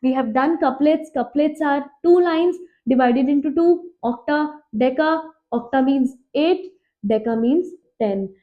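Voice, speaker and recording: A woman's voice: high voice, phone-quality sound. A woman with an Indian English accent, teaching an exam-prep literature lesson at a board, who asks questions, answers them herself and repeats key facts. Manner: quizzing, repeats key facts, slows to stress terms.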